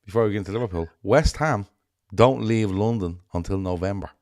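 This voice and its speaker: Male podcast co-host, lowish voice, loose rambling delivery, dry mic. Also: brisk, a little mellow, dry recording. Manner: rambling, many ums and restarts. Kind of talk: casual chat.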